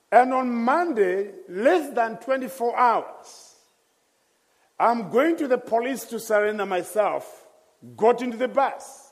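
Male preacher, high voice, slow and emphatic delivery, reverberant church hall. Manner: passionate storytelling, slow and emphatic. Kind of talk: sermon.

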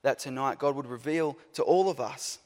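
A man's voice: mid-range voice, normal speed, darkish tone. A man preaching a casual, joking sermon to a church congregation. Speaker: pastor. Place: church hall. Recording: church hall with long reverb.

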